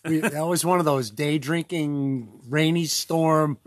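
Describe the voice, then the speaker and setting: A man in a casual podcast chat, his voice sitting a bit higher than most. He talks loosely, restarting phrases and laughing often, recorded close and dry with no room sound. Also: takes it slowly, no echo. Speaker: podcast co-host.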